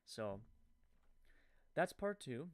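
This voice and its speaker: A man's voice: medium pitch, very animated, extremely slow, dry recording. A man with a French-Canadian accent giving rambling live-stream commentary, full of fillers, who corrects his own stumbles.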